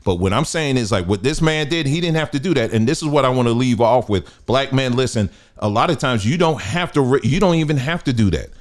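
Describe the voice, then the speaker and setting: A man's voice: medium pitch, expressive, brisk, few pauses. A man hosting a podcast, giving emphatic, preachy advice in a casual monologue. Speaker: podcast host.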